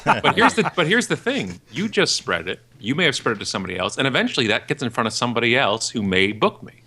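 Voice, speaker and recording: A man in his forties, a podcast guest and keynote speaker, talking in a ranting, jokey way and acting out other people in a high voice. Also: big pitch swings, fast, pushed and bright, breathy edge. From Canada. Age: 40s. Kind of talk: animated podcast interview.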